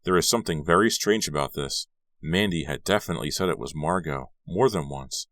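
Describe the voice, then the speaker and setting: A man narrating a young adult horror novel in a measured reading. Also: extremely low pitch, fairly bright tone, no echo, studio quality. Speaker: audiobook narrator. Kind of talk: scripted narration.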